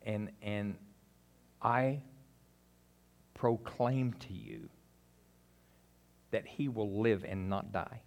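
A man preaching with a slightly low voice, chatting with his congregation between points. He pushes hard on some lines and drops to a near hush on others, with plenty of asides and folksy turns of phrase. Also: drawn-out words, pauses often. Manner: swings between emphatic and quiet, intimate delivery. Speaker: pastor. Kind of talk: sermon.

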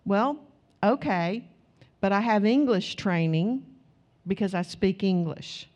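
Animated, chatty woman preacher. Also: mid-range voice, a little slow. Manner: conversational, animated storytelling, many "you know"s. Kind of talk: sermon.

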